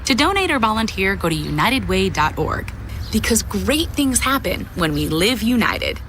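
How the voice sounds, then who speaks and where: A woman's voice: medium pitch, big pitch swings, moderate pace, a bit bright, slight background noise. A woman acting as a friendly volunteer in a scripted public service ad, asking neighbors questions in an upbeat, chatty way. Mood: earnest. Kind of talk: scripted radio ad.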